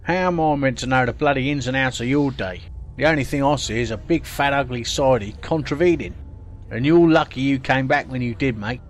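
A man puts on a brash, sweary Australian parking warden aboard a space station, blunt and unbothered. His voice sits at an ordinary middle pitch. A faint hum runs underneath. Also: fairly quick, lightly acted. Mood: gruff.

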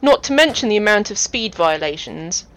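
A woman's voice: medium pitch, expressive, moderate pace, fairly bright tone, natural voice. A woman voicing a sardonic, stern female station boss. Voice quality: dry and cutting.

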